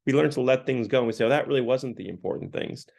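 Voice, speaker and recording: A man's voice: mid-range voice, quick pace, gravelly, a little mellow. A man giving a casual parish talk on a book, paraphrasing its dialogue with many "like" fillers. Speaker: parish speaker.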